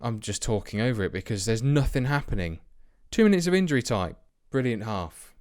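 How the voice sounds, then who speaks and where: Young male let's-player, middle pitch, rambling and self-mocking commentary with excited spikes. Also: fairly quick. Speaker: let's play host. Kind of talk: casual game commentary.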